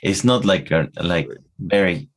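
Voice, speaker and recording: A man's voice: sits low, animated, unhurried. An Argentine man co-hosting a podcast in his second language, chatting casually and searching for words with hesitant restarts. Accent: Argentine Spanish. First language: Spanish. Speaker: podcast co-host. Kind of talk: casual conversational chat.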